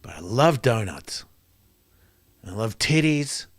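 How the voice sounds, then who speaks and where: A man doing a profane stand-up rant, swinging between loud outbursts and quiet asides. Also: fairly low pitch, sing-song, takes it slowly. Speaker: comedian.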